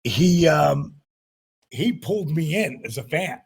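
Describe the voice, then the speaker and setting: A man in his sixties, a retired wrestler being interviewed, telling animated stories. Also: a little high, slow, creaky, slight background noise. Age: 60s. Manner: animated anecdotes, acts out quotes. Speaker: guest, retired pro wrestler. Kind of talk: storytelling interview.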